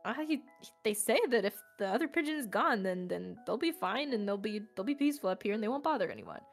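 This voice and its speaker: Friendly bird-speaking young woman, done by a woman, lively pitch, casual, tabletop game role-play. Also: quick pace, creaky, soft background music. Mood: reassuring. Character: friendly young woman who talks to birds.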